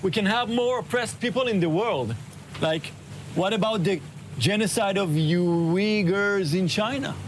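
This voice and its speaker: A man's voice: sits high, a little slow, slight background noise. A man speaking in a hesitant, apologetic way in a comedy sketch.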